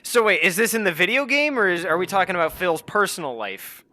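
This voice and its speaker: A man's voice: expressive, a little fast. A man streaming a game, chatting casually with his chat, swearing a lot and breaking into exasperated rants. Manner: swearing, exasperated, bursts into high shouting rants.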